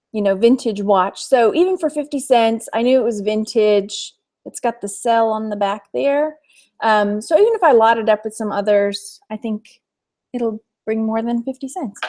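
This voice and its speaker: Texas woman reseller on a live stream, chatty, laughs a lot, slightly high voice. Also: a little mellow. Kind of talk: casual live-stream chat.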